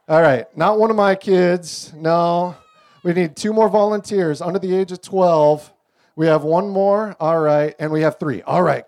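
Joking middle-aged pastor, slightly high voice. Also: male voice. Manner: relaxed, joking storyteller. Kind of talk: casual sermon to a congregation with children. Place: church service.

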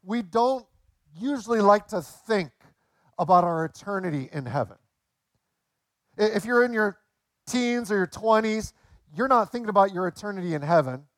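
A man in his late forties preaching a sermon in a relaxed, conversational way, telling jokes along the way. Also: sits high, moderate pace, long pauses, dry recording, studio quality. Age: 40s. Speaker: pastor.

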